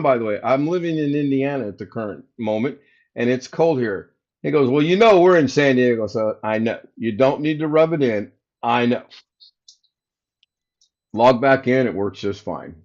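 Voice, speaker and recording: An American man hosts a casual livestream from home, telling his live chat a story and playing both sides of a phone call. His mid-range voice has a darkish tone and lively intonation at a moderate pace. The recording sounds slightly dull and lo-fi.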